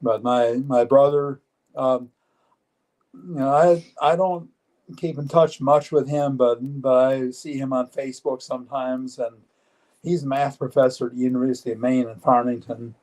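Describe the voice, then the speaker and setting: A man's voice: medium pitch, fairly even intonation, normal speed, a little mellow, low-quality recording. A man in his seventies, a guest in a live-streamed interview, speaking in an earnest, matter-of-fact way with frequent halts and restarts. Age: 70s.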